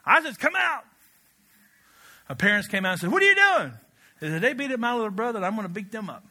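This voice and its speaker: A middle-aged male pastor from Kentucky, preaching a sermon with animated storytelling. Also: high-pitched, quick pace. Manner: animated storytelling with laughs and shouted quotes.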